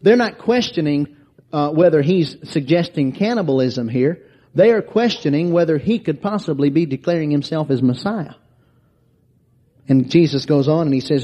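A man's voice: a little high, animated, normal speed, dull audio. A man preaching a sermon, reading scripture aloud and explaining it verse by verse.

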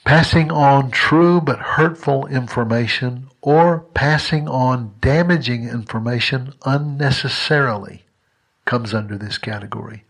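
A man's voice: medium pitch, measured pace. A man preaching a sermon in a conversational, earnest way, telling a personal story and often restarting his sentences.

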